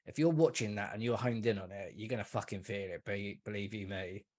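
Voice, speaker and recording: With a fairly low, slightly mellow voice and a fairly quick pace, a podcast guest chats casually about football. He swears freely and calls the listener mate and man.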